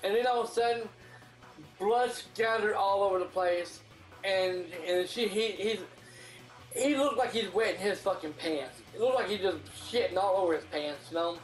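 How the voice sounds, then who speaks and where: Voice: mid-range voice, normal speed. A movie reviewer recapping a film in casual, profane speech, full of restarts and acted-out character lines. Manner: rambling, profane retelling with many restarts; acts out characters' lines in a raised voice. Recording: roomy echo, faint music behind.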